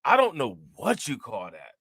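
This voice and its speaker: A man's voice: medium pitch, wildly swooping pitch, moderate pace, vocal fry, a bit bright, husky, no room sound. A man hosting a casual commentary show, reacting to news clips and talking straight to his viewers in a loose, repetitive way. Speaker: commentary channel host.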